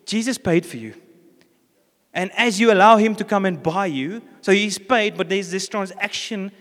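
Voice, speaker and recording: A South African pastor preaches in church, his high, somewhat bright voice moving at a normal speed. He tells a story and acts out the characters' lines, and the hall is reverberant.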